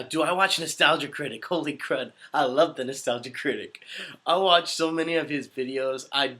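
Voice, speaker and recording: A man in his twenties chatting casually on a livestream, answering viewer comments in an upbeat, easily excited way. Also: mid-range voice. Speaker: voice actor hosting a livestream.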